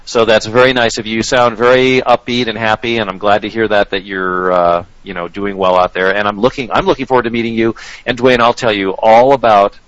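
A man's voice: fairly low pitch, steady tone, a little fast, hardly any pauses, fairly bright tone, no room sound, muffled recording. A man hosting a radio show in a chatty, joking way, often restarting his sentences. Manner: chatty and jokey, with frequent restarts and laughs. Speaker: radio show host, trading educator. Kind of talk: casual radio chat.

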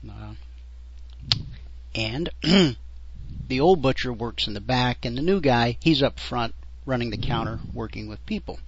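A man hosting a radio talk show, telling a story in an animated way. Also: medium pitch, measured pace, pauses often, dry recording. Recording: dull lo-fi radio sound.

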